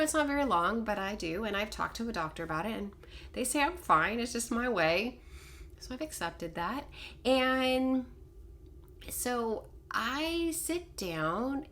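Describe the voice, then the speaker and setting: A middle-aged woman telling a personal story to camera in a casual, animated, self-deprecating way. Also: fairly high pitch, a little slow. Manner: animated, self-deprecating, quotes others in dialogue. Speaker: vlogger telling a life story.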